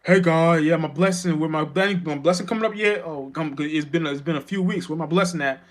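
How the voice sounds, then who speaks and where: A man's voice: a little high, fairly quick, pitched above the performer's own voice, natural voice. A man voicing a scruffy male churchgoer who keeps pestering God for his blessing in a whiny, repetitive way.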